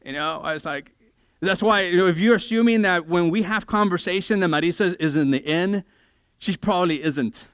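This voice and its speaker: A man preaching a sermon in church, lively and joking, acting out everyday conversations in quick voices. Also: high voice, clear, resonant tone, dry recording, clean studio sound. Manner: animated, acts out conversations in quick voices, self-deprecating humor. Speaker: pastor.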